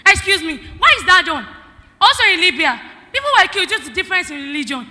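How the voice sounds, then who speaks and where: A woman's voice: very high voice, sing-song, fast talker, pushed and bright. A Nigerian teenage girl giving a formal school debate speech, emphatic and full of rhetorical questions. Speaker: student debater. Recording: hall reverb.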